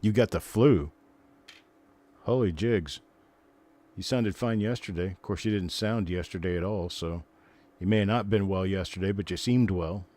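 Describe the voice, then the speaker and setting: Older male stream host with a deep voice, chatty and rambling, talking casually to viewers. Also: moderate pace, a little mellow. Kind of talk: casual live stream chat.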